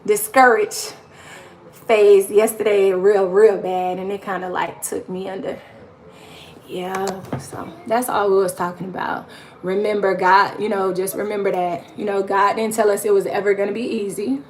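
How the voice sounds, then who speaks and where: A woman's voice: mid-range voice, slight background noise. A woman, mother of four, talking casually on her livestream in a rambling, encouraging way full of "like" fillers. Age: adult mother of four. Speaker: YouTube live streamer.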